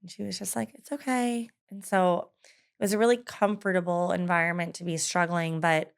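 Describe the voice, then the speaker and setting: A woman's voice: fairly low pitch, level tone, brisk, creaky, clear, resonant tone. Candid woman telling her story. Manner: candid, laughs often, hesitant with many fillers. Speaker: guest. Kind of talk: personal story in an interview.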